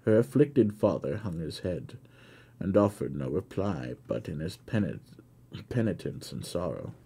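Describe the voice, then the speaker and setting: A man reading a classic novel aloud on a live stream, in a measured storytelling manner. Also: deep voice, sing-song, dark tone, breathy edge.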